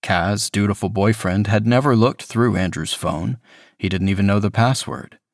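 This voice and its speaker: A man reading a horror story as scripted narration, measured and even. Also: on the low side, no room sound, clean studio sound. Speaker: reader.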